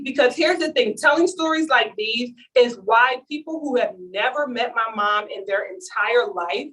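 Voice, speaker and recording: A woman telling a story to a live audience in an animated, comic way, acting out what each person said. Her voice sits a bit high. She is picked up by a mic some way off at the event. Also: far from the mic, rough recording. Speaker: speaker at a launch event.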